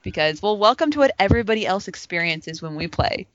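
A woman's voice: mid-range voice, lively intonation, fast talker, dry recording. A woman co-hosting a casual gaming chat, talking animatedly and laughing often. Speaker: podcast co-host. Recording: dull lo-fi sound.

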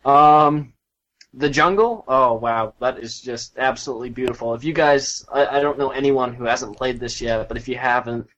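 A man with a mid-pitched voice, co-hosting a casual gaming podcast. He talks with gushing enthusiasm, often pausing on fillers and restarting his sentences. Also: a bit bright, a little hiss or hum, poor audio.

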